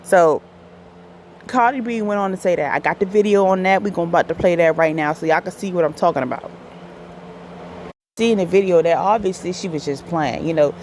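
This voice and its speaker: A woman's voice: on the low side, a little fast, darkish tone, slight background noise. Chatty woman host with many fillers. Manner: chatty, filler-heavy, self-correcting. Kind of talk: casual commentary.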